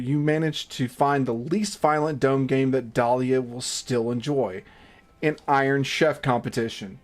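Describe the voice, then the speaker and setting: Man streaming a dating game, mid-pitched voice, profane self-mocking banter, reads game text aloud, soft music underneath. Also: fairly even intonation, normal speed. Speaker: livestream gaming host. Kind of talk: reading game text aloud with live commentary.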